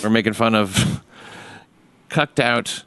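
This is a man bantering on a comedy podcast, profane and quick to laugh. His voice sits in a dead, dry room. The talk is loose and crude. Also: on the low side, a bit bright, smooth, dry recording. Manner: profane, joking, laughs often.

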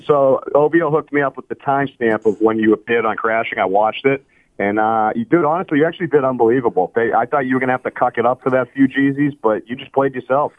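A man's voice: mid-range voice, quick pace, no echo, phone-quality sound. A man telling crude stories bluntly and profanely on a comedy radio call-in.

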